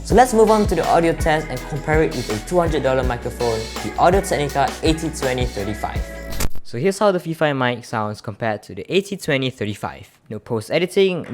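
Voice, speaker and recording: A man giving a casual product review, explaining things in a chatty way and addressing viewers as you guys, recorded close on a studio microphone. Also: medium pitch. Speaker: tech reviewer.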